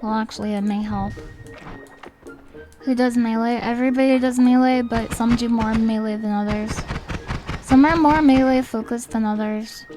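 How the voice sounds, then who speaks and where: A woman streaming a game, chatting casually and musing aloud, often trailing off into quiet mumbles. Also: a little high, fairly even intonation, moderate pace. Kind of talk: casual live-stream commentary. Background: game music.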